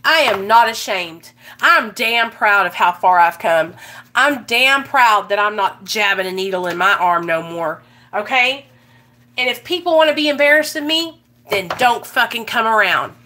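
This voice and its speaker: A woman's voice: mid-range voice, lively intonation, moderate pace, bright, forceful tone. A young woman, talking bluntly and emphatically in a casual motivational vlog, swearing and repeating herself for emphasis. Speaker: recovery vlogger.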